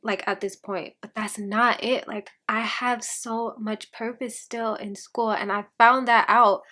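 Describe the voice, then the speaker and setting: A young adult woman vlogging a personal testimony, telling her story in an animated way, acting out the dialogue and laughing between phrases. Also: a little high, measured pace.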